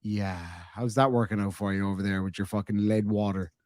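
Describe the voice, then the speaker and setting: A man's voice: fairly low pitch, level tone, a little fast, darkish tone, no echo, studio quality. Brash profane Irish man taunting. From Ireland. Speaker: streamer and host. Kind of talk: heated live-stream argument.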